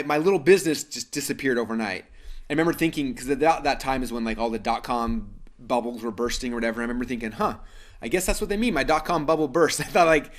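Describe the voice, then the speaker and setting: A man in his thirties from Idaho tells a story to a live webinar audience. His middle-pitched voice races along, full of fillers and quick restarts. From Idaho, USA. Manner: fast, animated storytelling with many fillers and restarts. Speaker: webinar presenter.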